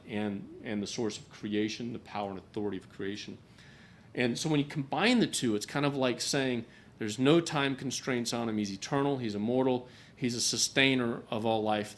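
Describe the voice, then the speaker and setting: A man teaching a Bible class at a church gathering, talking in a conversational way and often repeating a word as he restarts a thought. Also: mid-range voice. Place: gathering hall.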